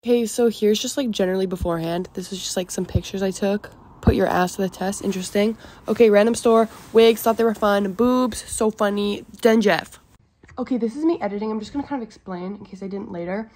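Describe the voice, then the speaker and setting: A woman's voice: mid-range voice, fairly quick, a little mellow, slight background noise. A young woman vlogging in a casual, gushing way, full of "like" and swearing. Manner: bubbly, gushing, swears a lot, fillers like "like". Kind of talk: casual vlog chat.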